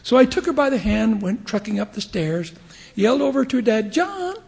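A man's voice: sits high, a little fast, vocal fry, long reverb tail. A man in his fifties giving a humorous sermon, telling stories and acting out the voices of the people in them. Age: 50s. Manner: animated storyteller acting out voices, chuckling often. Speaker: church leader giving a devotional talk.

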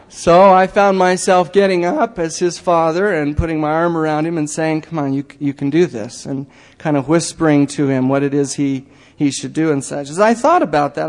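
Halting middle-aged man in echoing chapel. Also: a little high, darkish tone. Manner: halting, many fillers, turning earnest. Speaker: lay church speaker. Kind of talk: church talk. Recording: long hall reverb.

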